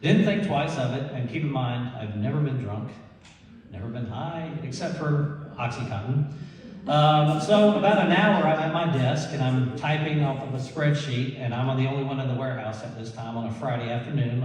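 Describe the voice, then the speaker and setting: A man telling a lively personal story to an audience, laughing and acting out the people he quotes. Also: medium pitch, normal speed. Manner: animated, laughing storyteller who acts out quotes. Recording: echoey hall, mic far off.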